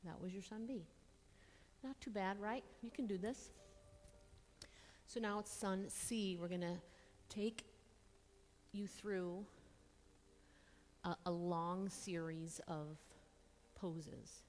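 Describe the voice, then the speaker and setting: A woman teaching a yoga class, giving calm, encouraging step-by-step cues while slightly out of breath. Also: medium pitch, slow pace, long pauses, long reverb tail, slight background noise. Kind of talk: guided yoga class instruction.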